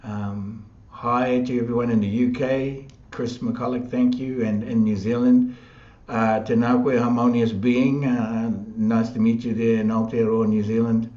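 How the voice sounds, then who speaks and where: A man hosting a live online chat, upbeat and quick to laugh. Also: mid-range voice, flat delivery, warm tone, roomy sound, lo-fi sound. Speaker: host.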